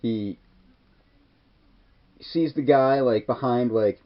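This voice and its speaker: Speaking slowly at a medium pitch, this man gives a casual movie recap as a reviewer. His retelling of the scenes wanders, packed with "like" and "kinda," captured in a dull, lo-fi recording.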